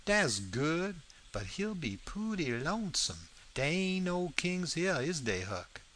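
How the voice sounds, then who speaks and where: A man's voice: a little high, very animated, takes it slowly, a bit bright, slight background noise, voice pushed up, heavily acted. A man reading the part of a stubborn, plain-spoken grown man in a storybook, with a heavy rural dialect and a blunt, argumentative way of talking. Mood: puzzled.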